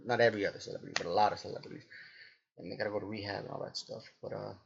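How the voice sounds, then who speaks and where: A man in his twenties rambling casually to his viewers, halting often with restarts and fillers. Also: fairly low pitch, fairly even intonation, gravelly, husky, highs cut off. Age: 20s. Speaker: vlogger. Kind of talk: rambling casual monologue to camera.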